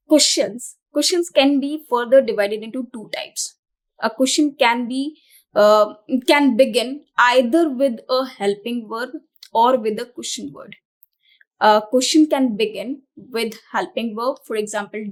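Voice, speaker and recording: A woman teaching an exam-prep grammar lesson, explaining each point and rephrasing it as she goes. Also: a little high. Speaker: English teacher.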